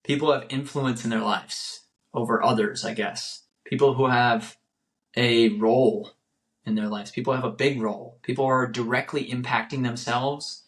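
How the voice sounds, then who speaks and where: A man's voice: mid-range voice, fairly even intonation, moderate pace, a bit bright. A young man hosting a solo motivational podcast. He talks earnestly and repeats phrases for emphasis. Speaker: podcast host.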